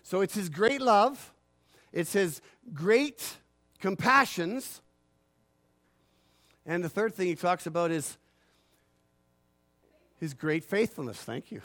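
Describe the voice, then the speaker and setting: A man pastor preaching a sermon, swinging from loud swells to quiet asides and acting out imagined voices. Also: sits high. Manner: acts out imagined phone calls in a grumbling aside voice.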